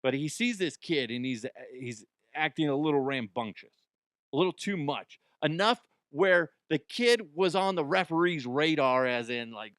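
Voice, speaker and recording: A man's voice: a little high, expressive, moderate pace, a bit bright, no echo, clean studio sound. A man hosting a comedy news show, rambling in a jokey, self-interrupting way. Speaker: podcast host. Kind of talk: casual comedic commentary.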